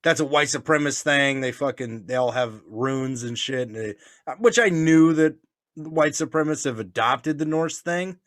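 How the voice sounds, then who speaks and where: Man, casual storyteller, swears a lot, laughs, mid pitch, dry close sound. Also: moderate pace, fairly bright tone, dry recording. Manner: profane, laughing, acts out voices in stories. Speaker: podcast co-host.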